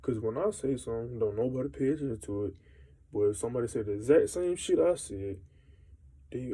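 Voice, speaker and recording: A man's voice: medium pitch, expressive, a little fast, warm tone, breathy edge, poor audio. A young man venting in a casual, rambling monologue, frustrated and full of slang and swearing.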